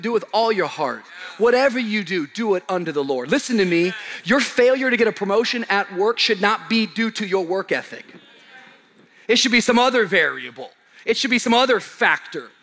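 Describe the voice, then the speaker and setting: In a church auditorium, a young adult male pastor delivers a brisk sermon. He swings between shouted high points and quiet low passages, tossing humorous conversational asides to the congregation.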